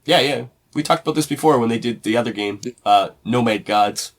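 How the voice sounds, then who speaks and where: A man co-hosting a podcast in casual chat, reacting quickly and laughing easily. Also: medium pitch. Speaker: podcast co-host.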